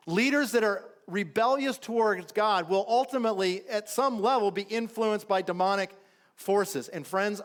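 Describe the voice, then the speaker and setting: A male pastor preaching with animated storytelling. His voice sits fairly high for a man and climbs as he acts out the figures in his story. When he urges his listeners, he drops into a soft, low tone. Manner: animated storytelling preacher, voicing characters with rising pitch. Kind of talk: sermon.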